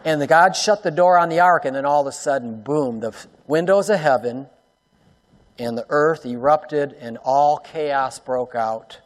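A man preaching a sermon to his congregation, swinging between loud emphatic lines and hushed soft ones and asking the room rhetorical questions. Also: on the high side, moderate pace, in a large hall. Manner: talks directly to the congregation, asks rhetorical questions. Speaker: pastor.

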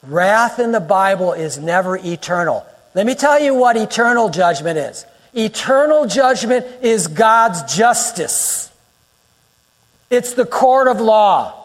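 High-voiced emphatic male pastor preaching. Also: expressive, takes it slowly. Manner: emphatic, rising to near-shouts, repeats phrases for effect. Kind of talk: sermon. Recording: long hall reverb.

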